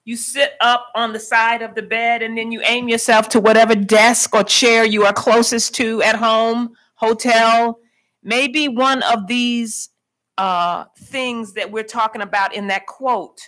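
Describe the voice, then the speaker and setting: Brief: female interviewer, higher voice, thoughtful and searching, live library stage. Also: fairly even intonation, unhurried, fairly bright tone. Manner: thoughtful, searching questions, quoting the guest. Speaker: interviewer, poet. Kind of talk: live onstage author interview. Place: library stage before an audience.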